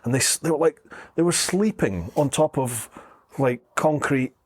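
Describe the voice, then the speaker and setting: A man's voice: medium pitch, moderate pace, no echo, clean studio sound. A man hosting a casual podcast interview, chiming in with short teasing remarks. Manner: brief interjections and teasing asides. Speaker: podcast host.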